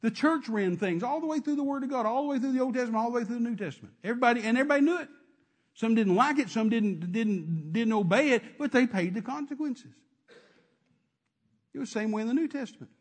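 A man's voice: very high-pitched, lively intonation, fast. A man preaching a sermon, emphatic and repetitive, calling out to his congregation.

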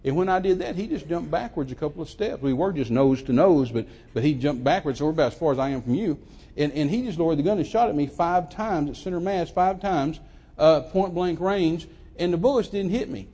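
An older man, preaching a sermon as a lively story, often repeating words, on a handheld mic in a church. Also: on the high side, quick pace. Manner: animated, repeats words, acts out quoted voices. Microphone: handheld microphone.

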